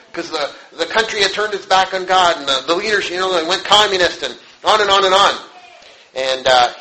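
Brief: male pastor, fairly high voice, storytelling sermon, halting and conversational, faint background noise. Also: sharp tone. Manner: conversational, halting, with restarts and rhetorical questions. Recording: echoey room, faint noise.

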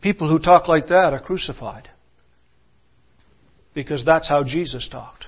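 A man preaching a sermon, building to forceful, emphatic declarations. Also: fairly high pitch, a little slow, dull audio.

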